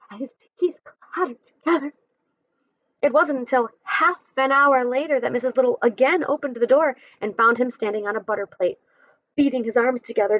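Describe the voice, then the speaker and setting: A woman reads a children's chapter book aloud and stops to explain things in a friendly way. Her voice is somewhat high, and the sound is dry and a little muffled. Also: a bit bright, no room sound. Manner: friendly explaining asides between passages.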